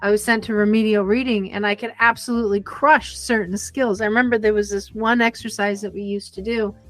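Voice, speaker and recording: A woman in her fifties, a podcast guest telling stories in an animated, conversational way. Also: mid-range voice, a little fast, no room sound, soft background music. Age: 50s. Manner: animated storyteller who acts out the voices in her anecdotes. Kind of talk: conversational storytelling interview.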